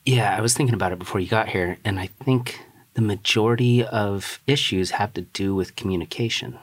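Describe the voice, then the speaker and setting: A host chatting casually, asking curious, relaxed questions. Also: deep voice, brisk, slightly rough. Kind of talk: casual conversation.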